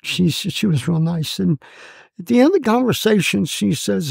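A man in his eighths decade, a Marine veteran, telling his story in an oral-history interview, halting and emotional with many fillers and restarts. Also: high-pitched, lively intonation, gravelly, darkish tone, breathy edge, no echo. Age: 80s.

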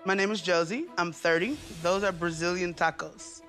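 A woman in her thirties from Atlanta, a cooking contestant talking with eager high energy. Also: steady tone, moderate pace, fairly bright tone. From Atlanta, USA. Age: 30s. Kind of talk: excited confessional interview. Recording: music bed under speech.

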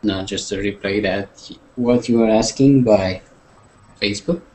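Halting non-native man, student. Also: fairly low pitch, mellow, a little hiss or hum, low-quality recording. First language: not English. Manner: halting, searching for words. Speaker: student in online class.

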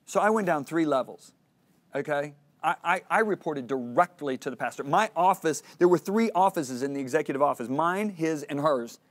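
A man's voice: on the high side, expressive, moderate pace. Earnest middle-aged male Bible teacher. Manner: earnest storytelling, acts out dialogue. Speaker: Christian teacher. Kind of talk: teaching lesson with personal story.

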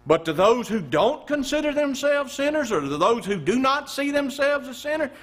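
High, animated preaching pastor. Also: male voice, moderate pace. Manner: preaching with wide swings between loud emphasis and hushed low passages. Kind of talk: sermon. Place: church.

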